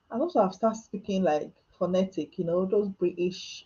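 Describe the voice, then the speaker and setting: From home, a Nigerian vlogger answers live chat questions in a casual live-stream chat, poking fun at herself, laughing between answers, and slipping in Nigerian Pidgin asides. Her voice is mellow, warm, and fairly high, with lively intonation and a fairly quick pace, while the sound is a bit dull and muffled.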